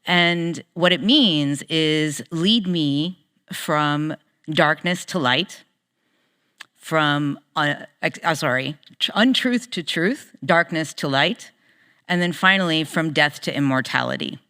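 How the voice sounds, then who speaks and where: A woman's voice: sits low, sharp tone, clear, resonant tone, in a large hall. A woman panelist speaking thoughtfully on a faith panel. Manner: thoughtful, chants Sanskrit prayer slowly. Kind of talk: panel talk with chanting.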